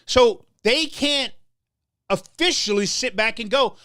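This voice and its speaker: Man, fired-up political commentary, stammering restarts, bright voice, very dry close recording. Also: very high voice, slow, dry recording. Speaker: show host.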